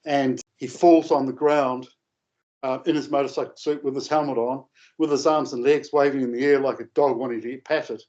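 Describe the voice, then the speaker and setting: A man telling a long, rambling anecdote in a casual, animated way, with coarse language. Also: mid-range voice, fairly quick. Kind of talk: casual storytelling. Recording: dull lo-fi audio.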